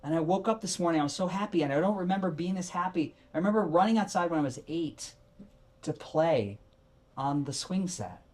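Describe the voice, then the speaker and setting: A man retelling the words of a grown man near tears, his voice lifted higher than usual and full of wonder. He sounds amazed and emotional as he recalls being a happy child. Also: expressive, a little fast, natural voice. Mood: tearful wonder. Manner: tearful, wondering.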